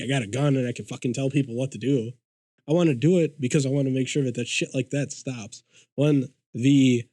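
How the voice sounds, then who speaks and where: On a laid-back podcast, a male guest narrates a tale full of swearing, acting out people's quotes with plenty of energy. His pitch is medium and the sound has no echo.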